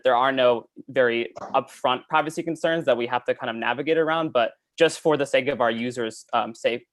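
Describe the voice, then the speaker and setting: Fast-talking man answering pitch questions. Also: fairly bright tone, no room sound. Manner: fast, many fillers, earnest. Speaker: startup founder answering questions. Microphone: video call.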